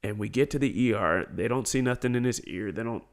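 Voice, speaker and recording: A man's voice: on the low side, a little fast. A man in his thirties, co-hosting a podcast, animatedly retelling a family story and acting out what people said. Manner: animated retelling, acts out quotes. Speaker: podcast co-host. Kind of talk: casual storytelling chat.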